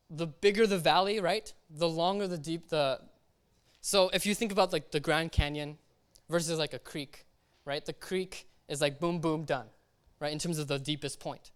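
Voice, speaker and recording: A man's voice: on the high side, clean tone. Young man preaching in a chatty, slangy way. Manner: chatty, keeps checking in with "right?" and "okay?"; slangy and relaxed. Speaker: lay preacher. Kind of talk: casual sermon. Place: church service.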